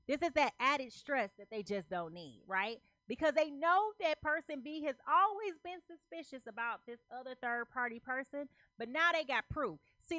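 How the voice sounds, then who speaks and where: A woman's voice: high-pitched, fairly bright tone, dry recording. Emphatic woman tarot reader, dry sound. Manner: emphatic, repeats phrases, checks in with "okay?"; loose slangy talk. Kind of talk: casual tarot reading to camera.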